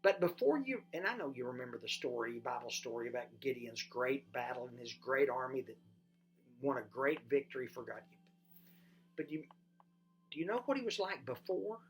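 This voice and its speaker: Pastor preaching with lively, shifting emphasis. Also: moderate pace. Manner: lively, swings from loud emphasis to soft and low; addresses listeners with direct questions. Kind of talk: sermon.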